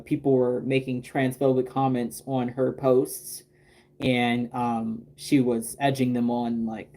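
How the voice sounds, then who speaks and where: Chatty mellow-voiced man crafting on stream. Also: mid-range voice. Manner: rambling, chatty, many fillers and restarts. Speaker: doll artist painting on a livestream. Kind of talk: casual livestream chat while working.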